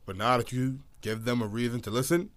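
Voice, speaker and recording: A man's voice: medium pitch, fairly quick, fairly bright tone, no echo. A man co-hosting a casual podcast, teasing his partner with joking banter. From Bahamas. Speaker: podcast co-host and editor.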